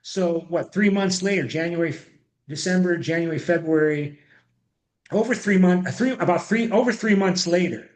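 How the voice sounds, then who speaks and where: A high-voiced man lectures on history to an online class, circling back on his words and restarting sentences. His voice carries a roomy echo through a video call microphone. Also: moderate pace. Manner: rambling, many restarts and repeated words. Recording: echoey room.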